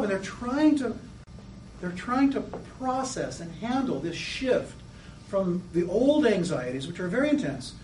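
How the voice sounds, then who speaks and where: A faint hum of room noise sits behind a distant, echoey recording of a man lecturing about psychoanalytic theory. He speaks in a high, energetic voice and slips into little performed children's voices to get his points across.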